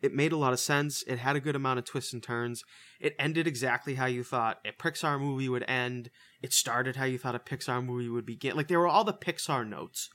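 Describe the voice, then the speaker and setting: A man's voice: medium pitch, fairly quick, sharp tone. A man casually reviewing a movie on a podcast, loose and profane, full of fillers and restarts. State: says he is a little high. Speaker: podcast co-host.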